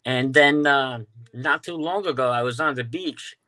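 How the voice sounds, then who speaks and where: A Staten Island man with a New York accent tells stories as a guest in a casual interview, speaking at normal speed with a mid-range, sharp-toned voice. He's a UFO sky watcher, and his telling is full of fillers and restarts.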